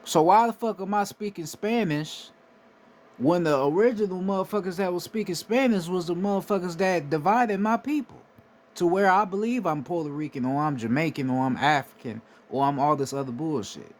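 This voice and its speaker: A high-voiced man speaking at a moderate pace, an American spiritual commentator, delivers a casual monologue with emphasis. He swears freely and often asks "right?" to underline what he's saying.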